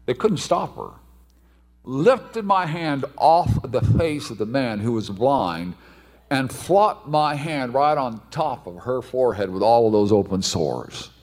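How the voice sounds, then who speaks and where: A man preaching a sermon, telling a story with animated delivery and sudden shouted outbursts. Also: medium pitch, takes it slowly. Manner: animated, acts out voices, bursts into shouts.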